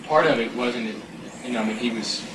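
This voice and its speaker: A man speaks up in a group discussion, halting and restarting his sentences. He sits away from the mic in an echoey room, with clear background noise around him. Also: medium pitch, distant mic. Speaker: Bible study participant.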